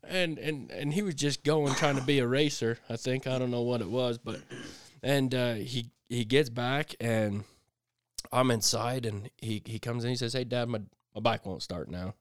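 A middle-aged man chatting on a podcast, his voice smooth and clear at an ordinary pitch. He tells stories in a loose, rambling way, restarting his sentences and throwing in sound effects. The recording is close and dry, with no room sound. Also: fairly even intonation, normal speed, no room sound. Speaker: podcast co-host. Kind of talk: casual storytelling chat.

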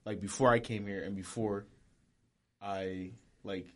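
Hesitant young man with a lowish voice. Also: fairly even intonation, a little slow. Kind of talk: casual chat.

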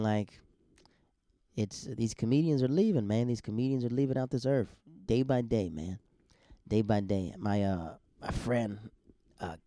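A man's voice: on the low side, warm tone, no room sound, studio quality. A man, a stand-up comedian, hosting a podcast in a loose, chatty monologue full of restarts.

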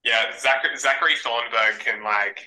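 A man's voice: mid-range voice, unhurried, sharp tone, poor audio. A man, a podcast guest, answering quiz questions in an easygoing, joking way. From Australia. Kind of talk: casual chat.

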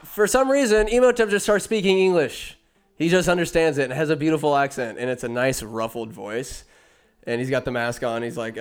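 Man, casual rambling movie recap, self-interrupting, smooth voice. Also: medium pitch, fairly quick.

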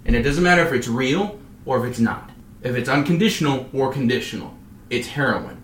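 A man co-hosting a casual podcast chat, animated and repetitive, often acting out his own inner voice. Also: medium pitch, fairly quick, echoey room, a little hiss or hum. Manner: animated, acts out inner voices, repeats phrases. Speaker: podcast co-host.

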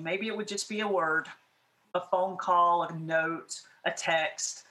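Bright-voiced Southern woman co-host. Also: lowish voice, measured pace, roomy sound, poor audio. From American South. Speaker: podcast co-host. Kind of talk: casual faith chat.

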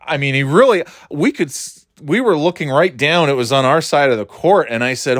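A man's voice: medium pitch, normal speed, no echo, studio quality. Profane man ranting about basketball. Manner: profane, rambling, animated, laughs often. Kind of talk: casual sports rant.

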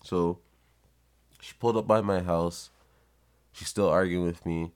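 Young man, low voice, blunt and profane, for a casual vlog monologue. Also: steady tone, measured pace, darkish tone, clean tone. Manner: blunt and profane, heated storytelling. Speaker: vlogger.

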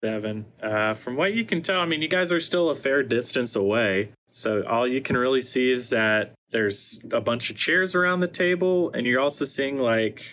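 A man narrating as game master for a tabletop game, in a relaxed, loose way. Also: mid-range voice, moderate pace, few pauses. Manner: relaxed, laid-back narration with fillers. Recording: music playing behind.

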